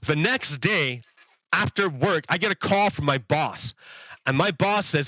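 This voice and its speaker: Bright, high-voiced man telling a story. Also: lively intonation, a little slow, no room sound, rough recording. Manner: rambling, repeats himself, laughs at the absurdity. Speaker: livestreamer. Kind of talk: casual storytelling to stream viewers.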